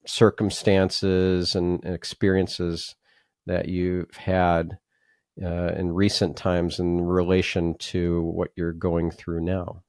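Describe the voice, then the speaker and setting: A man hosting a podcast interview, asking questions in a slow, measured, hesitant way. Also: low-pitched, a little mellow, smooth, dry recording, clean studio sound. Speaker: podcast host.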